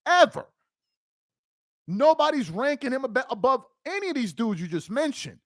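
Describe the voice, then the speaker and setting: A man hosting a reaction video, ranting in disbelief with loud outbursts between a played clip. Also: extremely high pitch, very animated, moderate pace, dry recording, clean studio sound. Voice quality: exasperated, incredulous, loud outbursts.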